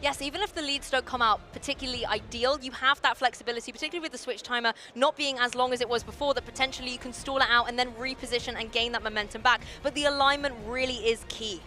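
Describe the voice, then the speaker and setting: Fast-talking, bright female co-commentator. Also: on the high side, steady tone. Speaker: esports co-commentator. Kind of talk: live color commentary.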